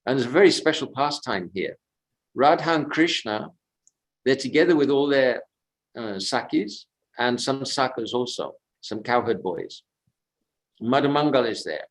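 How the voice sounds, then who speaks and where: A man giving a devotional storytelling talk at a sacred lake on a pilgrimage walk, unhurried and reflective, drifting between anecdote and commentary. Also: medium pitch, animated, rough recording. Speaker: pilgrimage tour speaker.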